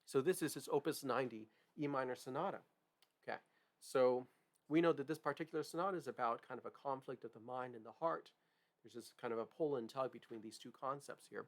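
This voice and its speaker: A man's voice: medium pitch, brisk. A man teaching a music lesson, explaining with frequent "right?" and "okay?" check-ins. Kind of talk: piano lesson demonstration.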